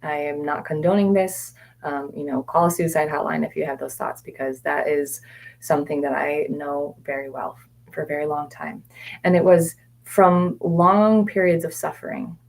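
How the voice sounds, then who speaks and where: A woman with a low voice and a gravelly, fry-laden edge answers viewer questions as a mindset coach. She talks candidly and meanders through fillers and restarts, and sometimes drops her voice to soft, near-whispered repetitions. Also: steady tone, normal speed. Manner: candid, meandering, frequent fillers and self-corrections. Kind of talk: live Q&A session.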